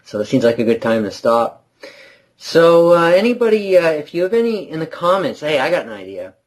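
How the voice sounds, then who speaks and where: A man's voice: on the high side, sing-song, brisk, poor audio. Rambling podcast co-host, man. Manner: rambling, laughs often, trails off. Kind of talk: casual late-night chat.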